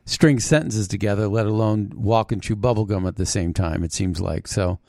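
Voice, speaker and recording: A man's voice: on the low side, vocal fry, darkish tone, dry recording. Mocking male political commentator, dry sound. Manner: mocking, halting with restarts. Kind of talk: opinionated commentary monologue.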